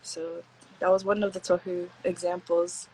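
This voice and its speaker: A woman's voice: fairly low pitch, level tone, moderate pace, a little mellow, slight background noise, poor audio. A young woman from Hawaii, a podcast guest, telling stories in a laid-back, slangy way with lots of "like" fillers and acted-out quotes. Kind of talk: casual storytelling chat.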